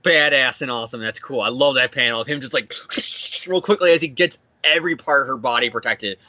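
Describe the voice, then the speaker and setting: A young man recapping a comic book issue in casual chat, animated and swearing as he acts out the characters. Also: mid-range voice, a little fast, no echo, dull audio. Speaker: comic podcast co-host.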